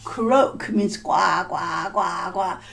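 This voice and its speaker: Slow, patient woman teacher telling a story. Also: on the low side, creaky, music in the background, poor audio. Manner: slow, repeats and explains words, hesitant fillers. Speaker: language teacher. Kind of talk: storytelling lesson for language learners.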